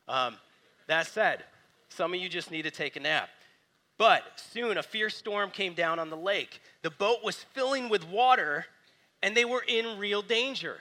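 Guy preaching, kinda high voice, acts stuff out then goes real quiet and soft. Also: expressive, measured pace. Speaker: pastor. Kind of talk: sermon.

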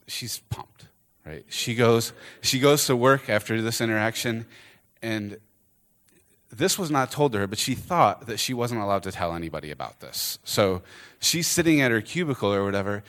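A man preaching, telling a story and acting out the characters' lines with lively energy. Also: medium pitch. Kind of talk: storytelling sermon.

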